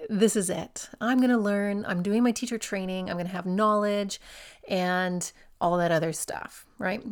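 A woman in her forties hosts a solo podcast for fellow yoga teachers. She speaks in a reflective, encouraging way and keeps turning questions back to the listener. Her voice sits at a middle pitch for a woman. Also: a little mellow.

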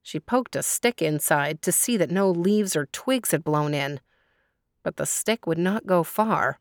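Low-voiced woman storyteller. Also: dry recording, studio quality. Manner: clear, measured storytelling. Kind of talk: storybook narration.

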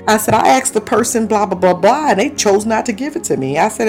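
Woman, 50s, preacher; mid-pitched, conversational sermon with tongues, soft music behind. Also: fairly quick, hardly any pauses. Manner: lively storytelling with laughs and asides; breaks into speaking in tongues.

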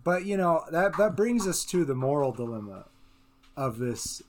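A man's voice: on the high side, very animated, normal speed, a crowd in the background. A man hosting a casual podcast chat, laughing often and hesitating with fillers. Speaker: podcast host.

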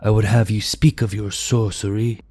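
A man's voice: fairly low pitch, flat delivery, moderate pace, creaky, darkish tone, husky, no room sound, voice pushed up. A man doing a wary, suspicious warrior.

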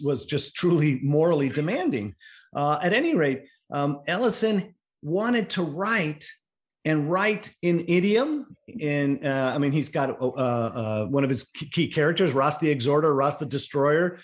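A middle-aged man talks at a panel in a fairly high voice. He wanders from point to point with many fillers and restarts. His voice jumps up when he gets excited. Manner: digressive, lively, many fillers and restarts, swings up in pitch when exclaiming. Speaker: panel speaker. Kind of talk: animated panel talk.

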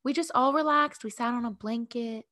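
A woman co-hosting a podcast in casual chat over a video call, bubbly and laughing often, her voice leaping up when excited. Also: on the high side, moderate pace. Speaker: podcast co-host. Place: home, remote call.

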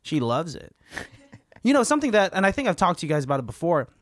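A man co-hosting a casual chat, animated and quick to laugh as he tells stories. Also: fairly high pitch, dry recording, studio quality. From Filipino family. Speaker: podcast co-host.

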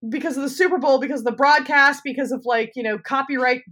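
A woman co-hosting a podcast in casual chat, a loud, excitable storyteller who swears freely. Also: high-pitched, quick pace. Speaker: podcast co-host.

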